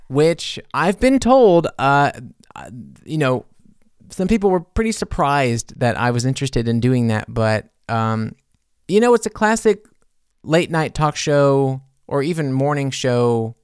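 Speaking slowly and expressively, an American man who is a musician hosts a casual podcast chat, rambling with lots of fillers and correcting himself. His medium-pitched voice is smooth, and the studio-quality audio has no room sound.

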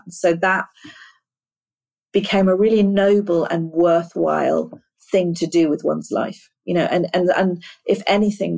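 A middle-aged woman in a candid interview, her low voice carrying a gravelly rasp. She speaks earnestly and thoughtfully, stumbling and repeating words as she searches for what she means. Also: dark tone. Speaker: interview guest, screenwriter.

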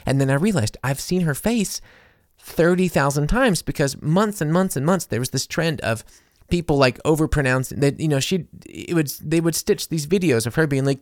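A young man hosting a podcast, telling a travel story in a chatty, animated way with lots of fillers and acted-out quotes. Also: on the high side, fairly quick, dry recording, studio quality. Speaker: podcast host. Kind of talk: casual storytelling monologue.

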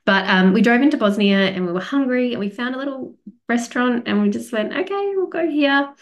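A woman's voice: on the high side, quick pace. Chatty Australian woman podcast host. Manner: chatty and rambling, with frequent fillers and laughs. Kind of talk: casual spoken travel story.

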